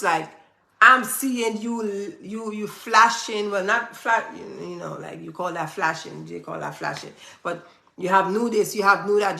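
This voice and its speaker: Woman, motivational vlog talk, emphatic, repetitive, bright voice, echoey room. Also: mid-range voice, vocal fry. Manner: emphatic, preachy, repeats phrases for stress. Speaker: business owner giving motivational advice.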